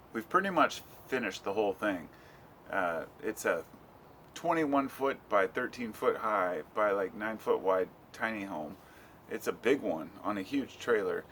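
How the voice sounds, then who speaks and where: A man's voice: lowish voice, fairly bright tone, slight background noise. A middle-aged American man talking at home in a loose, rambling vlog, swearing casually. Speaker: vlogger.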